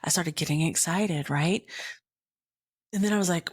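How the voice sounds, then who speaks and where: A woman's voice: fairly low pitch, measured pace, pauses often, breathy edge, dry recording. Middle-aged lady podcast host rambling thru a story, acts out voices, super dry close sound. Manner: animated, rambling, acts out dialogue with whispered asides. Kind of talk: casual storytelling monologue.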